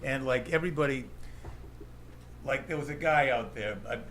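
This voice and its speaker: A man with a Boston accent and a voice of middling pitch, rambling through club stories full of "you know" and profanity. Faint room ambience sits behind him. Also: normal speed, fairly bright tone, a little hiss or hum. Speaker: comedian guest. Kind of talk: casual chat, storytelling.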